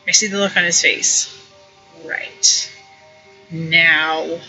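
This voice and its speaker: Bright-voiced woman reading a story game. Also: sits low, fairly even intonation, extremely slow, pauses often, lo-fi sound, soft background music. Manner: wry and playful, comments as she reads. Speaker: streamer playing an interactive story. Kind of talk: reading an interactive story aloud.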